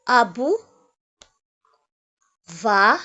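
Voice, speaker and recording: A woman teaches French grammar at a classroom whiteboard, saying each example twice. She speaks very slowly and patiently. The recording sounds muffled and lo-fi. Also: on the high side, sing-song, pushed and bright. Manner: repeats phrases slowly, explains step by step. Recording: dull lo-fi sound.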